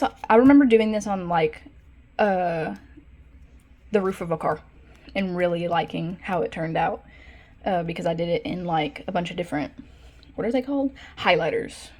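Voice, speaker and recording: Her voice sits on the low side as this young art vlogger casually tours her sketchbook. She wanders in her speech, often using fillers and correcting herself, and breaks into excited bursts at favorite pieces.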